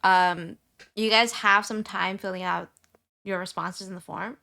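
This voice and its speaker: Bright-voiced chatty young woman streamer. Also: fairly even intonation, measured pace, gravelly. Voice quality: high-pitched, squeaky at times. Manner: chatty, repeats herself, many fillers. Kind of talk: casual chat with viewers.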